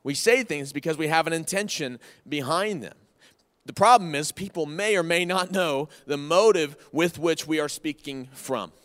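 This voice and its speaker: A slightly high, slightly bright male voice moves at normal speed as this pastor in his thirties preaches conversationally. He's folksy and repeats key phrases for emphasis, all set in the long reverb of a hall.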